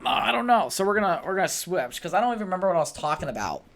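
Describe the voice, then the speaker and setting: A man's voice: high-pitched, very animated, very fast, a bit bright. A man hosting his own podcast alone, rambling casually, swearing often, and getting worked up easily. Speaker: podcast host.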